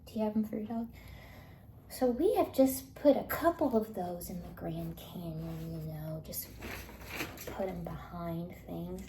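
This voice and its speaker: Woman vlogger, slow rambling chat, gravelly, drops into whispers, echoey room. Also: on the low side, slight background noise. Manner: rambling, many fillers, drifts into soft whispers. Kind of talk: casual monologue. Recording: echoey recording.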